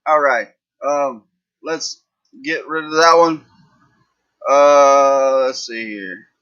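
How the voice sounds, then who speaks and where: A man's voice: mid-range voice, extremely slow, fairly bright tone, smooth, lo-fi sound. A man hosting a livestream, telling jokes in a rambling, folksy way. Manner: rambling, folksy, lots of fillers. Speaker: livestream host. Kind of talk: casual live-chat joke telling.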